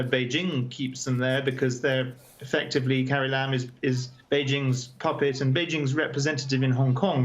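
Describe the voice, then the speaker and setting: A man giving a remote news interview as the chair of an advocacy group, speaking over a video call in a measured, earnest way with frequent hesitations. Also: medium pitch.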